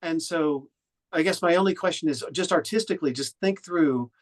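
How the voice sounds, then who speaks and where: A man's voice: on the high side, moderate pace. A man from Oklahoma, an audiobook narrator and director, giving conversational feedback with frequent restarts. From Oklahoma, USA. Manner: thoughtful, with frequent restarts and fillers.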